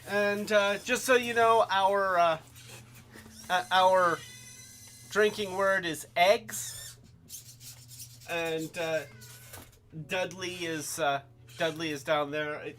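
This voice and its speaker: A man hosting a casual toy live stream, rambling and halting, with many restarts and fillers, and calling himself by a nickname in the third person. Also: high-pitched, fairly even intonation, fairly bright tone, slight background noise. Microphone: webcam.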